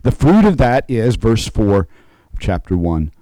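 A man preaching a conversational sermon, slowing and rising to stress key points and checking in with his listeners. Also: lowish voice, big pitch swings, mellow, no echo, low-quality recording. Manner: conversational preaching, frequent "okay?" check-ins. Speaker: pastor.

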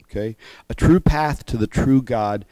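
A man delivering a sermon-style teaching, reasoning step by step with emphasis and often pausing to check in with his listeners. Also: medium pitch, dark tone, no room sound. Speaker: preacher.

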